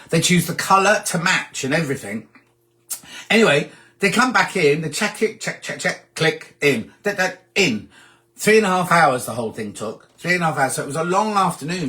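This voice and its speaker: A man hosting a sewing livestream, chatting casually and reading out viewer comments with animated asides. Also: on the high side.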